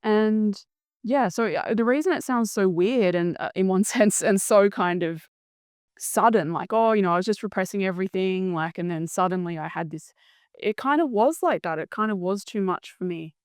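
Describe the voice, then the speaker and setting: A woman's voice: medium pitch, animated, moderate pace, no room sound, studio quality. A woman guest in an interview, telling her story in an earnest, reflective way, searching for words.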